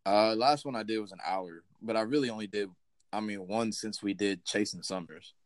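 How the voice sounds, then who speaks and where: A young man hosting a casual podcast, teasing his guest with quick interjections. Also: fairly low pitch, no echo. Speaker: podcast host.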